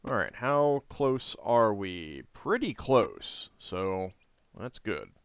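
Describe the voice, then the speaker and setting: A man hosting a playthrough of a role-playing game, reading its story text aloud between relaxed, chatty comments. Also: on the low side, slow, smooth, no echo, clean studio sound. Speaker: gameplay host and narrator.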